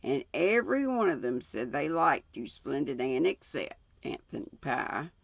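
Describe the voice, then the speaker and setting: Storybook elder: a dry, practical older guardian, unhurried delivery, read by a woman. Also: very deep voice, sing-song, creaky, no room sound, heavily acted.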